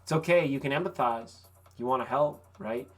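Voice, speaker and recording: A tarot reader hosting a live stream, talking casually and encouragingly to viewers, with relaxed, folksy phrasing and the odd swear word. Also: medium pitch, moderate pace. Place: vacation rental.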